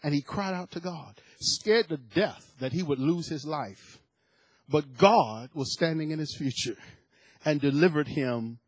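A man's voice: fairly high pitch, unhurried, dry recording. A man preaching a sermon to his church, building to emphatic bursts and repeating words as he goes. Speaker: pastor.

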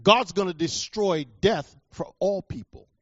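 A man preaching a sermon, dramatic, swinging between hushed lines and shouted ones. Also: sits high, unhurried, no echo, highs cut off.

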